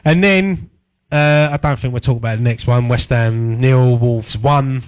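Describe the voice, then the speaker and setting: A man's voice: medium pitch, measured pace. A man with a Cockney accent co-hosting a radio show, talking football in an easygoing, jokey way. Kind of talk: casual football chat.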